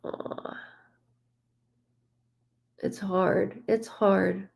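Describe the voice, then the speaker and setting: Soft-spoken woman medium, slightly gravelly. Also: mid-range voice, little pitch movement. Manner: relays a spirit's words in first person; soft, halting, full of restarts. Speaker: psychic medium. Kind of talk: live-stream reading.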